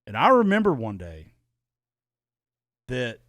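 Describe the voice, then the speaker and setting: A man's voice: mid-range voice, wildly swooping pitch, slow, fairly bright tone, no echo. A man co-hosting a podcast, telling a heated personal story in casual, profane chat and re-enacting arguments. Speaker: podcast co-host.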